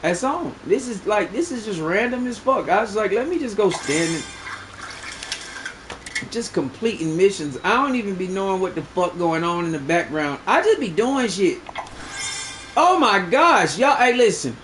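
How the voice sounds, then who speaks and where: A man's voice: high voice, sing-song, moderate pace, fairly bright tone, slight background noise, low-quality recording. A young man streaming a fishing game, bragging and swearing in loose slang as he talks to his chat. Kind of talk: live gameplay commentary.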